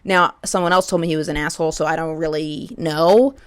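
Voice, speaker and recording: A woman comedian hosting a solo podcast, riffing in a rambling, profane, animated monologue. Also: low voice, brisk, smooth, no room sound.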